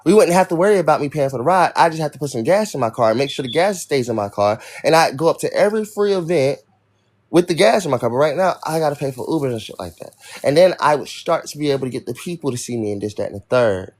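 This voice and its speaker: A man's voice: on the high side, lively intonation, fast, a little mellow. A young man hosting a livestream, venting in an irritated, profane rant to his chat. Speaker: livestream host. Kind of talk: ranting livestream talk to chat.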